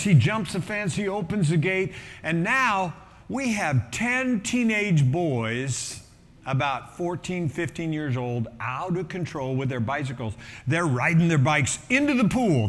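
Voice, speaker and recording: A middle-aged man, a pastor, telling a story in a sermon with lively energy and acting out the voices of people in it. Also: a little high, long reverb tail. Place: church auditorium.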